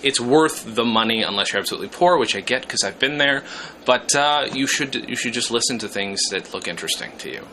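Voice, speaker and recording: A man's voice: mid-range voice, expressive, a little fast, pushed and bright, a little hiss or hum. A man hosting a podcast in a casual, hesitant way, often restarting his sentences. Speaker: podcast host.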